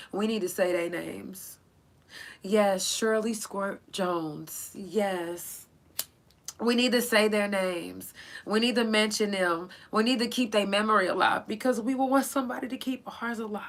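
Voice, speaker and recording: A woman's voice: mid-range voice, vocal fry, a bit bright. Tearful woman host remembering friends. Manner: tearful, halting, pausing to collect herself. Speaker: podcast host. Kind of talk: emotional solo podcast remembrance.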